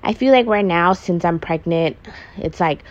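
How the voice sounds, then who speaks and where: A young woman vents on her podcast in loose, confessional chat, swearing freely and leaning on "like" at every turn. Her voice sits a little low, and the recording is dull and lo-fi. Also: normal speed. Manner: frank and profane, heavy use of "like". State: pregnant, emotional. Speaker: vlogger doing a makeup podcast.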